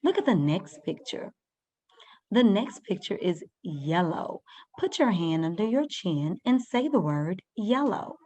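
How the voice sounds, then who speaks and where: A woman teaches a first-grade reading lesson at a slow, unhurried pace. She talks patiently to young children and stretches out words as she sounds them out. Her pitch sits in an ordinary middle range. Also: big pitch swings, warm tone.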